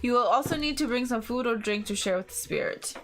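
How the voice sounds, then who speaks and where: A woman's voice: fairly high pitch, expressive, fast, fairly bright tone, slight background noise. A woman voicing a solemn spirit talker. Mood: instructive. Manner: solemn, instructive. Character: wise woman spirit talker who speaks with ghosts. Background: game music.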